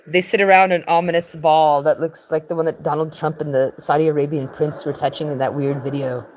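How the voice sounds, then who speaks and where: A woman's voice: sits low, steady tone, fairly quick, darkish tone. Woman rambling on a live stream from her tent, swears a lot, goofy and offhand, bit of faint noise behind. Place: in a tent, sitting on her bed.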